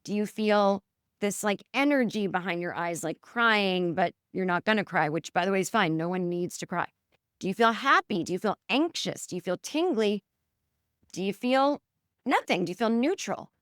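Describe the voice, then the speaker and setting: A woman's voice: medium pitch, animated, moderate pace, a bit bright, clean tone, dry recording, clean studio sound. A woman podcast host giving a chatty, earnest guided self-help talk, coaching listeners through an exercise and talking to herself in the third person.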